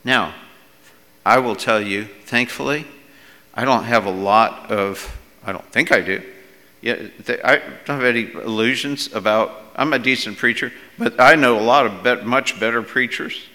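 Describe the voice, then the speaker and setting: A man's voice: medium pitch, moderate pace, big-room sound. A middle-aged male pastor preaching a sermon in a conversational way, sometimes raising his voice for quoted speech. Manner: conversational preaching, rising to loud acted quotes.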